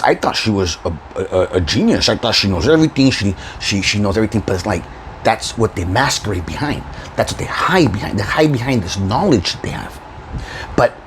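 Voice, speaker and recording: A man's voice: medium pitch, slight background noise, poor audio. A man hosting his own video channel, delivering a profane, confrontational rant with frequent laughs. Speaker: YouTube channel host. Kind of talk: ranting vlog monologue.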